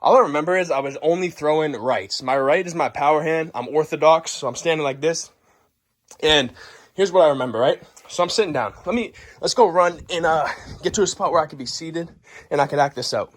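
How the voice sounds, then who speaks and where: Young guy vlogging, talks super fast, swears nonstop, acts everything out. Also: a little high. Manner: boisterous, swears constantly, acts the story out. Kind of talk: profane comic storytelling.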